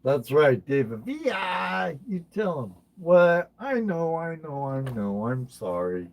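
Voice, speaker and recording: A man's voice: a little high, sing-song, slow pace, gravelly. A man hosting a casual livestream, chatting with viewers by name and often repeating his phrases. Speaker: livestream host.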